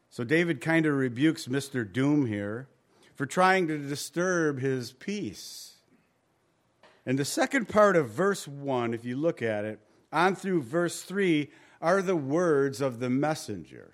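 A man preaching a sermon in a conversational style, often asking rhetorical questions. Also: on the high side. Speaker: pastor.

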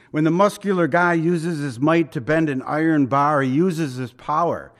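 A man preaching a sermon in a conversational, emphatic way, asking the congregation rhetorical questions. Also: on the high side. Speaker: pastor.

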